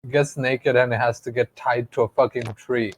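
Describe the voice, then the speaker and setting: A man's voice: medium pitch, steady tone, moderate pace, slightly rough, no room sound, rough recording. A man co-hosting a podcast, rambling in casual chat, swearing freely and laughing often. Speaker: podcast co-host.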